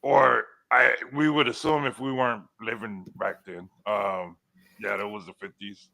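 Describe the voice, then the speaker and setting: A man's voice: on the low side, fairly even intonation, a little slow, creaky, sharp tone. A man in his forties in casual, teasing chat on a trivia livestream, rambling with restarts as he remembers. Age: 40s. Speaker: livestream co-host.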